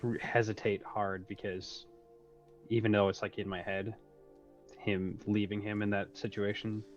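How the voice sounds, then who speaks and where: A man's voice: on the low side, flat delivery, unhurried, dull audio, soft background music. A man playing a tabletop game, hesitant and thinking aloud with many fillers. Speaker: player. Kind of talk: tabletop role-play chat.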